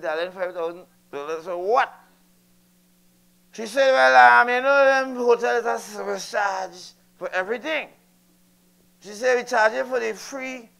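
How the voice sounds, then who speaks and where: A man's voice: sits high, creaky, bright, forceful tone. An older man with a Trinidadian accent performing a stand-up comedy routine, chatty and teasing the audience. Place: live comedy venue.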